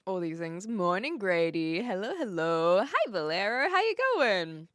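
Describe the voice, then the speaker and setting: Chatty streamer woman with a lively voice. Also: mid-range voice, unhurried, no echo, clean studio sound. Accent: light New Zealand. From New Zealand. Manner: chatty, laughs often, answers viewers' chat messages. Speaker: live streamer. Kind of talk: casual live-stream chat.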